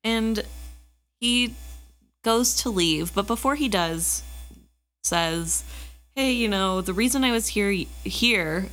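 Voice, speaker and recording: A woman's voice: medium pitch, takes it slowly, pauses often, a bit bright. A woman co-hosting a book discussion podcast, retelling scenes in a chatty, amused way. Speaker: podcast co-host.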